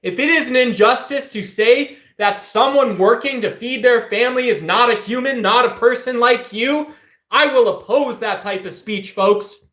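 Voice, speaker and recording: A man's voice: very high voice, moderate pace, pushed and bright. A man ranting heatedly at his livestream chat, confrontational and addressing viewers directly. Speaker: political streamer. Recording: echoey room.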